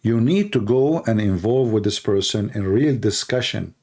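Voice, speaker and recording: Animated man acting out little dialogues. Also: normal speed. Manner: animated, acts out dialogues in higher voices. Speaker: commentator. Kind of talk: casual talk to camera.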